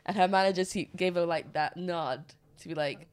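A woman's voice: fairly low pitch, fast talker, few pauses, clear, resonant tone. A young woman, chatting casually as a podcast co-host and telling stories with frequent laughter. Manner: chatty storyteller, laughs often. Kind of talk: casual chat.

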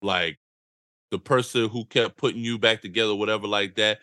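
A very deep-voiced man talks in a laid-back, halting manner, restarting and repeating his words. His tone is bright and smooth, and the sound is dry and close. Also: steady tone, dry recording. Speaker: podcast co-host. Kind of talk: casual movie review chat.

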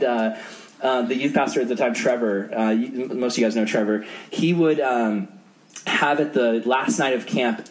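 A young man preaching to a youth group in a casual storytelling style with lots of fillers. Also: mid-range voice. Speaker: youth pastor. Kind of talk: youth sermon.

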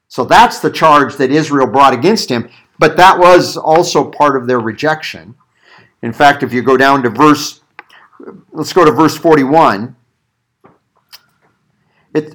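A man teaching a Bible passage in a conversational sermon, animated and given to acting out quotes. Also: fairly high pitch. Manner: animated, acts out quoted voices, thinks aloud with restarts. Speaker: pastor teaching a Bible study.

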